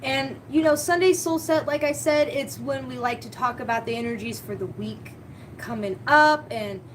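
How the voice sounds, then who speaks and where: A woman's voice: sits high, normal speed, slight background noise. A woman hosting a spiritual live stream, talking casually and heartfelt, often repeating her key words.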